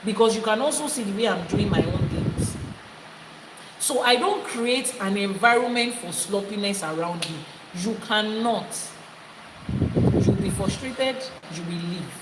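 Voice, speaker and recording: A woman leads a spiritual teaching, pressing her listeners by repeating her points. Her voice sits at an ordinary middle pitch. The recording is echoey and full of loud background noise. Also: lively intonation, a little slow. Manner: emphatic, repeating phrases for effect. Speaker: Ifá priestess and teacher.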